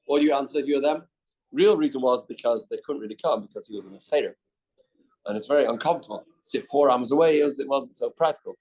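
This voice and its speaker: A mid-range, darkish male voice moves a bit quickly through a daily Talmud class. This Canadian teacher reads the text aloud in a study hall, explaining it in English while acting out the dialogue.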